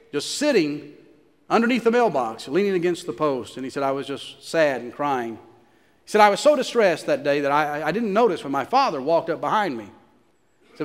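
A pastor preaching a sermon, telling a story and repeating phrases for emphasis. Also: male voice, medium pitch, in a large hall.

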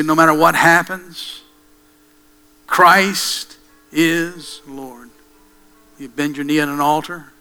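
Bright, clear-voiced man preaching a sermon. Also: a little high, rough recording. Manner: dramatic, with hushed pauses and slow emphatic repetition. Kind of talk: sermon with dramatic storytelling.

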